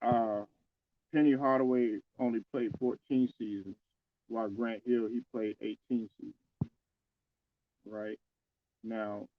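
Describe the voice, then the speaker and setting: In phone-quality sound, a mid-range male voice belongs to a sports commentator chatting casually about basketball. His talk is loose and conversational, with many fillers and restarts.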